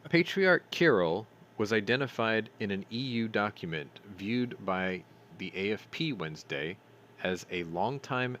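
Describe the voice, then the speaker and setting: Deep-voiced sarcastic man reading news. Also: a bit bright, a little hiss or hum. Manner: sarcastic, swears, stumbles over names. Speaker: news commentary host. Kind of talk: reading news with profane commentary.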